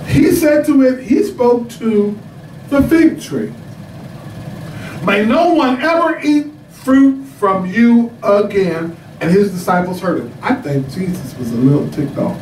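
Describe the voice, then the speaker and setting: A man with a very high, bright voice preaches, swinging from calm storytelling into laughing shouts. He sounds distant from the mic in an echoey church, with faint noise behind him. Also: measured pace. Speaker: pastor. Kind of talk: sermon.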